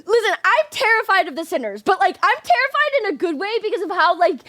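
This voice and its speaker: A woman's voice: very high-pitched, big pitch swings, fast talker, raised voice, very noisy. A young woman reacting to a game for her channel, gushing, squealing and apologizing as she fangirls. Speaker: gaming video creator. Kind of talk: excited game reaction commentary.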